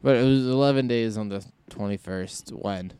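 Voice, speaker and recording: A man's voice: fairly low pitch, normal speed, dark tone, clear, resonant tone, no room sound. A man hosting a solo podcast in casual chat, rambling and thinking aloud as he goes. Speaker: podcast host.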